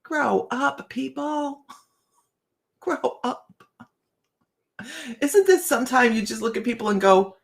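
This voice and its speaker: A woman's voice: sits high, lively intonation, takes it slowly, vocal fry, pauses often. A woman hosting a casual morning livestream chat, chatting to viewers, often laughing and restarting her sentences. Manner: frequent restarts and stammers. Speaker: psychic livestream host.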